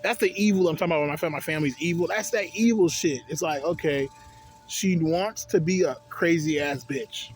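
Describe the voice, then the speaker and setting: A man's voice: fairly high pitch, a little fast, faint music behind. A young man casually reviewing a vape on his vlog, rambling and swearing through digressions. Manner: profane, rambling, digressive storytelling.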